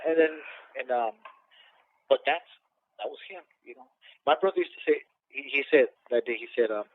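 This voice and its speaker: Profane, animated former boxer on a phone line. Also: male voice, medium pitch, normal speed. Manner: profane, animated storyteller acting out quotes. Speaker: interview guest, former boxer and cornerman. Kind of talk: casual storytelling interview. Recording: dry, phone-like audio.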